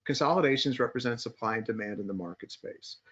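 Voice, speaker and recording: A market strategist co-hosting a podcast talks quickly in a medium-pitched, fairly bright voice. After casual joking, he explains stock charts step by step with plenty of restarts, recorded in muffled lo-fi audio.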